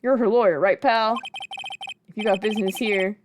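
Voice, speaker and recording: A woman's voice: medium pitch, fairly even intonation, moderate pace, background noise, natural voice. A woman doing a blustering cop, Dick Gumshoe. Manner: loud, blustery, calls everyone pal. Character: brash, blustering male police detective.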